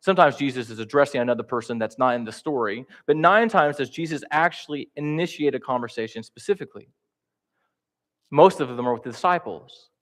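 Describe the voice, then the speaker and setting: A man's voice: mid-range voice, lively intonation, a little fast. A man preaching in a church, talking conversationally and with humor, acting out the quotes he tells. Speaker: pastor teaching a class. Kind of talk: sermon.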